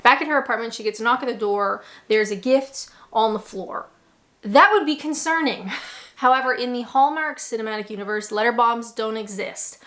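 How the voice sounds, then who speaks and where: A woman's voice: fairly high pitch, moderate pace, fairly bright tone. A young Canadian woman recapping a bad movie in casual commentary, with sarcastic asides and laughs. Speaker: movie reaction host.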